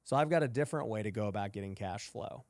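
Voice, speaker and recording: A man's voice: on the low side, quick pace, no echo. A man hosting a podcast interview, chatting casually and acting out quoted lines in a raised voice. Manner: animated, acts out quotes in raised voice. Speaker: podcast host.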